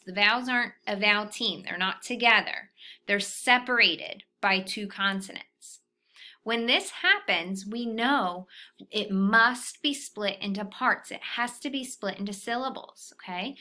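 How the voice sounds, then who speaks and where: A woman teacher walking young children through a phonics lesson, patient and deliberate, checking in often with a soft "okay?". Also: medium pitch.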